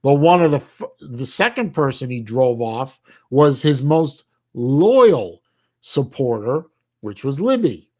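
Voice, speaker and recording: A middle-aged man from the United States hosting a livestream, chatting casually with his chat in a halting way with many restarts and folksy slang. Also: medium pitch, big pitch swings, darkish tone. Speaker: livestream host reading chat.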